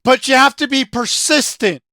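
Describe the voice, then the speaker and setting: A video game commentator in an angry, profane rant, yelling often, with a throat sore from shouting. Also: high-pitched, moderate pace, dry recording, studio quality.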